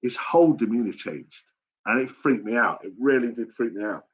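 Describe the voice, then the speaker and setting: A man's voice: medium pitch, normal speed, slightly rough, low-quality recording. A middle-aged man hosting a late-night live chat, telling stories in a rambling, blunt way with constant swearing. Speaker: live stream host.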